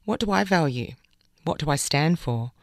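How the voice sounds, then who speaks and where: A woman's voice: sits low, lively intonation, normal speed, slight background noise. A woman hosting a weekend radio magazine show from a studio, welcoming listeners and reading newspaper columns aloud. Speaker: radio presenter.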